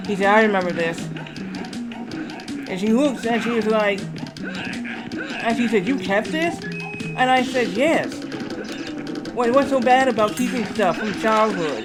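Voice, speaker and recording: A man's voice: high-pitched, a little slow, long pauses, loud music behind the voice. A man streaming a game who tells a long, rambling story and keeps repeating "I said" and "she said".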